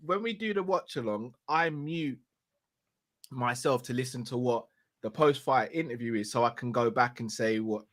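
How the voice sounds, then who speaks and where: A man co-hosting a fan show, telling stories in an animated, expressive way and laughing often. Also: mid-range voice, moderate pace. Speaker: co-host. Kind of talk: casual chat.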